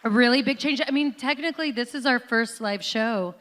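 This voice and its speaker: Woman co-host, late thirties, higher voice, easy playful banter. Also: brisk, a bit bright. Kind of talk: live-show casual chat. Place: live stage show.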